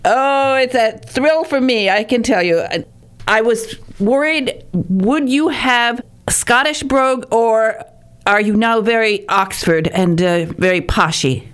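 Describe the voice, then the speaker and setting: A woman's voice: a little high, takes it slowly, clear, resonant tone. A woman host who gushes about her guest, often stumbling and restarting her sentences. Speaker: podcast host. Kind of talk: warm chatty interview.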